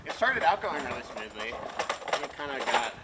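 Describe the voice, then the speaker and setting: A man's voice: medium pitch, big pitch swings, a little fast, heavy background noise. A man who organizes a gaming tournament, speaking in a thoughtful, hesitant way in a documentary interview.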